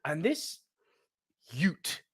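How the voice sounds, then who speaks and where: A man's voice: drawn-out words, dry recording, clean studio sound. A man with a posh English accent, co-hosting a podcast and telling a swearing, laughing anecdote. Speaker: podcast co-host. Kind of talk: casual chat, storytelling.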